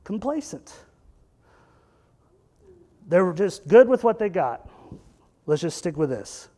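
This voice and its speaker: A man with a high-pitched voice delivers a casual, conversational sermon. He talks animatedly and throws rhetorical questions at his listeners. He mixes in joking asides as he preaches. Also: lively intonation, unhurried, dark tone. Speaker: pastor.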